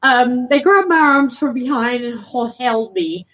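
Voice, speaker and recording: A woman giving public testimony, emotional and halting, with frequent pauses. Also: fairly high pitch, lively intonation, fairly bright tone, far from the mic, lo-fi sound. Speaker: resident speaking at a public meeting.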